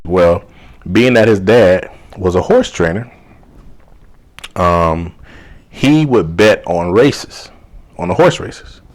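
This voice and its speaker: A man working as a life coach, telling a personal story casually and acting out the dialogue as he goes. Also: low voice. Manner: animated retelling full of quoted dialogue and "you know".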